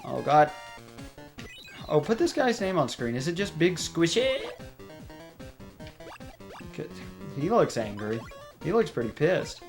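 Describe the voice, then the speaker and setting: A man's voice: fairly high pitch, sing-song, measured pace, creaky, pauses often, soft background music. Rambling young man commenting on gameplay. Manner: rambling, goes off on tangents; chatty, laughs often. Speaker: let's play host. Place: home room.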